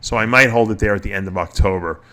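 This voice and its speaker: A man's voice: on the low side, quick pace, sharp tone. A middle-aged man hosting a radio show, chatting casually in a rambling way and chuckling often. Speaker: podcast host.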